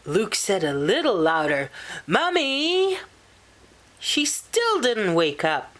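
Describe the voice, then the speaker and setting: Reading a children's picture book aloud, a woman whose voice sits on the low side tells the story slowly and expressively.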